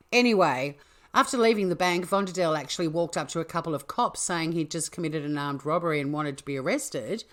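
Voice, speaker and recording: Australian woman host, casual storyteller, low voice, playful asides. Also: lively intonation, fast talker. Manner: chatty, jokey, with asides. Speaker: podcast host.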